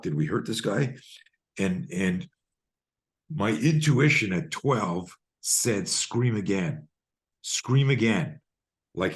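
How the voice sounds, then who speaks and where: Man, 60s, low voice, expressive guest storyteller, salty language, heard over a video call. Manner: lively, swears freely, acts out scenes. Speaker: guest, self-defense expert. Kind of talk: animated personal storytelling.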